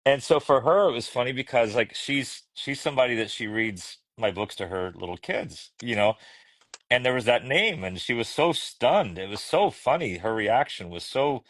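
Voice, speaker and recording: A man's voice: mid-range voice, lively intonation, normal speed, fairly bright tone, no echo. A middle-aged man, a children's book illustrator, telling casual anecdotes as a podcast guest, chatty and laughing, often restarting his sentences. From United States. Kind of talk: casual storytelling conversation.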